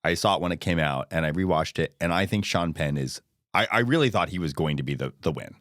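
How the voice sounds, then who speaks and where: A man with a low voice talks about movies on a podcast, animated and rushing in quick bursts that keep restarting. The sound is dry and close, with no room around him. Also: no echo. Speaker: podcast co-host. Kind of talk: casual film discussion.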